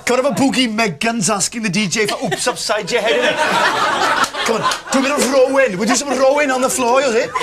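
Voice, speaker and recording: A man's voice: very high-pitched, fast, very noisy, voice pushed up. A man playing a flirty Welsh woman coaxing a guest onto the dance floor, with a sing-song, teasing Welsh accent. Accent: Welsh, put on.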